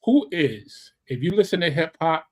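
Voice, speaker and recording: Husky animated New York man co-hosting. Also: a little high. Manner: animated, reads live comments aloud, quick exclamations. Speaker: podcast co-host. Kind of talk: casual podcast chat.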